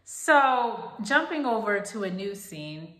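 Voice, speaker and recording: A woman's voice: medium pitch, very animated, takes it slowly, fairly bright tone, echoey room. A young woman recapping a reality show in a casual, opinionated way, laughing often. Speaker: recap vlogger.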